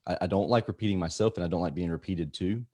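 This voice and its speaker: A man hosting a podcast, asking a question in a halting way, often searching for his words. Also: low-pitched, mellow, a little hiss or hum. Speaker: podcast host. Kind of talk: casual interview talk.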